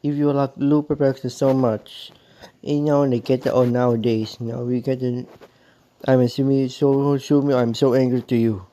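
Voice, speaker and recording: A man's voice: mid-range voice, fairly even intonation, dark tone. A man ranting in a vlog monologue, stumbling over and repeating his words in an aggrieved, accusing way. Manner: halting, repetitive, stumbling phrasing. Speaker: vlogger.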